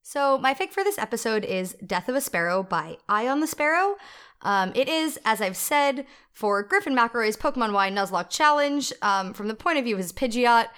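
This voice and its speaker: A woman's voice: fairly high pitch, very animated, moderate pace, fairly bright tone, clear, resonant tone, faint music behind. A young woman co-hosting a casual chat podcast, explaining things with lots of asides and laughing often. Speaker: podcast co-host. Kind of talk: casual chat about fan fiction.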